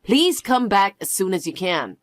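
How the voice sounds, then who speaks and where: A woman voicing a frantic middle-aged mother who pleads, pushes and keeps repeating herself, in a lower, heavier register. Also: very animated, normal speed, dry recording, studio quality, close to an everyday voice. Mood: pleading. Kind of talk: dialogue story acting.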